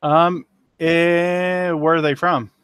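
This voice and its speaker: A man's voice: fairly high pitch, flat delivery, slow, a bit bright, clear, resonant tone, no room sound. A man in his forties from Missouri, an antiques dealer chatting casually and joking as a guest on a live auction stream. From Missouri, USA. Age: 40s. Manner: joking, laid-back.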